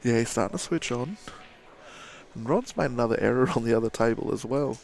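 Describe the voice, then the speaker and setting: An Australian man, a young adult, giving casual live pool commentary with relaxed banter and frequent laughs. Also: medium pitch, a little fast, creaky.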